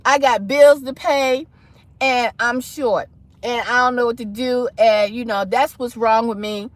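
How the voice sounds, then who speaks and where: A woman's voice: a little high, measured pace, no echo. A woman hosting a casual livestream, telling a personal story with dramatic flair and acting out the people in it. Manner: animated, dramatic, acts out voices in her story. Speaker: livestream host.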